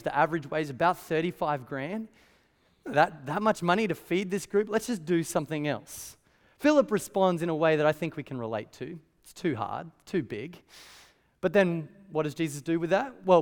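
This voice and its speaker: A man preaching a sermon in a church, telling the story conversationally with lively asides. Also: high voice, big-room sound. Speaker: pastor. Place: church hall.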